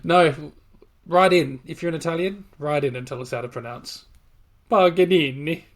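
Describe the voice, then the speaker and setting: A man's voice: a little high, moderate pace, a bit bright. A middle-aged man hosting a podcast, chatting casually and rambling enthusiastically about movies. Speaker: podcast host. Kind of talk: casual chat.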